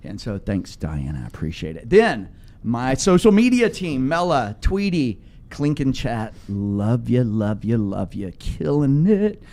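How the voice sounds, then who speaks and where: A man's voice: medium pitch, big pitch swings, unhurried, dark tone. A man hosting a talk radio show in casual, joking chat, often laughing and rambling through thank-yous.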